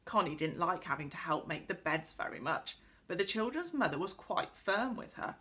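A woman teacher reading a children's book aloud to pupils in an expressive storytelling voice. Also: lowish voice, normal speed. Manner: speaks directly to pupils.

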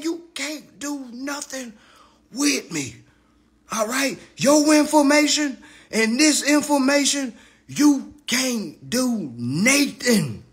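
A man tears into a rival in a profane live-stream roast. His voice sits very high and bright, swinging wildly up and down as he mocks, repeats his jabs and swears freely. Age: 30s. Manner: heated, mocking, swearing freely, repeating lines for effect.

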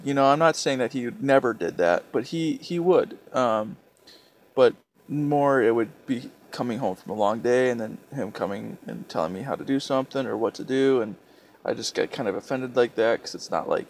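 A young man tells a personal story in a vlog, his medium-pitched voice soft and subdued. He speaks haltingly and hesitantly, restarting often.

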